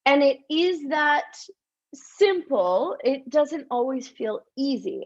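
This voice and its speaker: A woman coach leads a live-streamed guided visualization at an unhurried, slow pace, in a slightly high voice. She talks softly and encouragingly, repeating words and breaking into little gasps. The stream audio sounds dull and lo-fi. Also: very animated. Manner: soft, encouraging, with gasps and drawn-out sighs. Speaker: love and manifestation coach.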